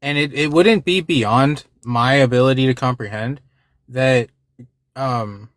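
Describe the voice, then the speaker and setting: A man's voice: medium pitch, a little slow, no echo, clean studio sound. A man hosting a livestream, talking casually and with frustration to his chat, swearing and repeating himself. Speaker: livestream host.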